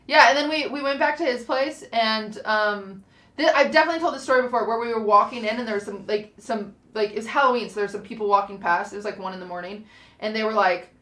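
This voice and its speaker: A young woman co-hosting a podcast, telling a casual story in an animated way and acting out the quoted lines. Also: fairly high pitch, quick pace. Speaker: podcast co-host. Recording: roomy, echoey sound.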